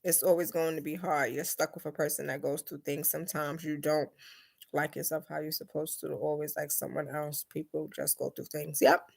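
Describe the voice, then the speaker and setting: A young woman chatting casually on a live stream, reading comments and acting out her mother's lines in a lively, talkative way. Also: sits low, vocal fry, husky. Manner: lively, chatty, quick mood swings, acts out her mom's lines. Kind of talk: casual chat.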